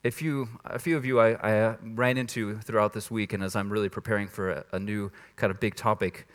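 A man's voice: fairly low pitch, steady tone, brisk, fairly bright tone. A man preaching a sermon in a church, talking in a conversational, emphatic way and laughing at himself now and then. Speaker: pastor.

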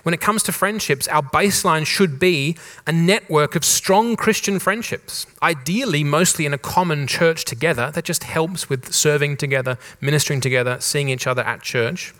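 A pastor from Australia preaching a conversational sermon, with a mild Australian accent softened toward neutral English, repeating rhetorical questions and restarting phrases. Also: male voice, a little high, moderate pace, hardly any pauses. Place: church in Germany.

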